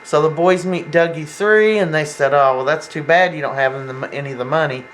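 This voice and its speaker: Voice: mid-range voice, fairly quick, a bit bright, a little hiss or hum, rough recording. Rambling soap opera recapper, casual. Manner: rambling, acts out quoted lines, many fillers.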